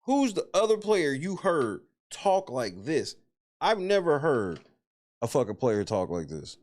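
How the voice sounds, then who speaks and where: Animated, profane man hosting commentary. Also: fairly high pitch, measured pace. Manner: animated, profane, exclaiming in disbelief. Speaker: host. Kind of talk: casual commentary on a reality show.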